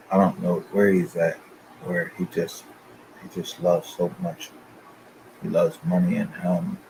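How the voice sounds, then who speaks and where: A man's voice: deep voice, warm tone, slight background noise, poor audio. A man hosting his channel, talking loosely and profanely in a confrontational rant to his viewers. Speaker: channel host.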